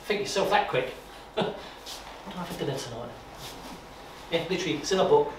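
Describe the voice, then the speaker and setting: A man gives a chatty talk at an exhibition, voice pitched a little high. He tells his stories with animated repetitions and asides. He is heard from a distance in an echoey room with clear background noise. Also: a little fast. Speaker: guest speaker on wartime history. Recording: echoey room from far off, noisy.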